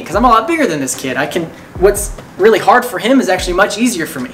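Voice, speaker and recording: A man's voice: high voice, very animated, fast talker, few pauses, fairly bright tone, a little hiss or hum. A man giving a short devotional talk, telling a story in a conversational, earnest way. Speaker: devotional speaker.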